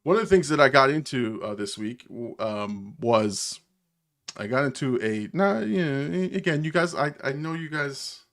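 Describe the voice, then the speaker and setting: A man's voice: mid-range voice, animated, moderate pace, a bit bright. A man with a New Jersey accent hosting a live stream in casual chat, rambling and chuckling often.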